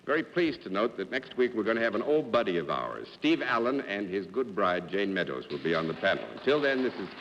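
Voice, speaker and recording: Deep-voiced male host, lively intonation, courteous and formal, lo-fi 1950s broadcast, hall reverb, faint hiss. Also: brisk, few pauses. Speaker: game show host. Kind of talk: live TV panel show hosting.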